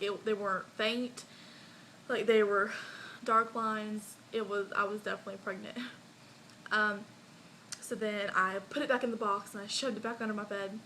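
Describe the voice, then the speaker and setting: A woman's voice: medium pitch, pushed and bright, a little hiss or hum, rough recording. A young woman vlogger telling a personal story in a casual, chatty way, full of likes and ums and small laughs.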